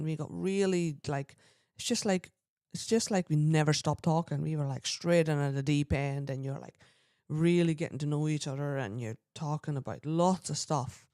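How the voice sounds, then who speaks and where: A woman's voice: low-pitched, no room sound, clean studio sound. Chatty woman storyteller. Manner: chatty, quotes people in lively voices, frequent throat clearing. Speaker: podcast co-host. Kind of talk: casual storytelling chat.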